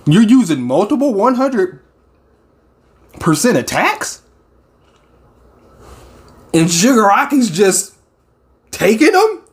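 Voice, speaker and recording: A man hosting a casual comic-reaction talk, excitable and quick to swear and shout his reactions. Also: sits high. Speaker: manga reaction host.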